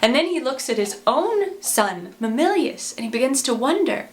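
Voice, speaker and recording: A woman casually retelling a play's plot in a lively, plain-spoken way. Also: sits high, normal speed. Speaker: storyteller.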